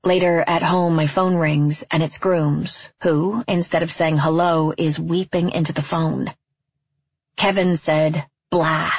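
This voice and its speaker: A woman from California narrating a first-person story in a wry, deadpan, reflective way. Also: low-pitched, unhurried, breathy edge, no room sound, lo-fi sound.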